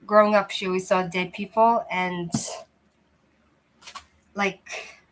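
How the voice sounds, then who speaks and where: A woman's voice: medium pitch, fairly even intonation, slow pace, rough recording. Woman, casual livestream host, rambling, chatty, restarts a lot, lousy cheap microphone. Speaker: channel host chatting with viewers.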